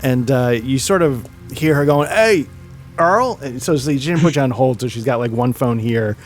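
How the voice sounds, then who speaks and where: A man's voice: medium pitch, fairly even intonation, normal speed, a little mellow, faint music behind. A man narrating as game master, loose and laughing as he voices the characters.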